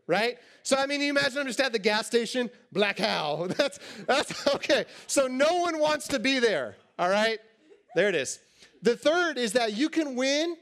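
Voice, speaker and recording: A man in his thirties preaching to teens in a joking, animated way, acting out little scenes. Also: very high voice. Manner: animated, joking, acts out quotes. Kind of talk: sermon to teens.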